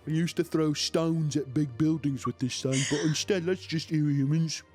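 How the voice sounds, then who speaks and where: A man's voice: a little high, normal speed, a little mellow, faint music behind, close to an everyday voice. A man playing a gleeful medieval siege engineer.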